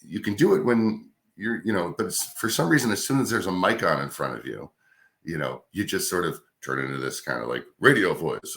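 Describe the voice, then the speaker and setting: Deep-voiced man telling radio stories. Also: fairly quick. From New York's Capital Region. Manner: deep resonant radio voice, relaxed and chatty. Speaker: radio host, guest. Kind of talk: casual interview storytelling.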